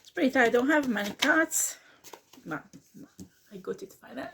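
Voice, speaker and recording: A woman's voice: high voice, lively intonation, moderate pace, vocal fry, a little hiss or hum. A woman, speaking earnestly as a tarot reader who repeats herself and slips into words now and then. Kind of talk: casual spoken reading.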